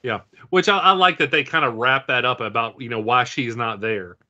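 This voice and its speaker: Podcast cohost guy, chatty, lots of "you know", bright voice, kinda muffled. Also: medium pitch, moderate pace. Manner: chatty, agreeable, frequent fillers. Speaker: podcast co-host. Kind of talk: casual chat. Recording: dull lo-fi audio.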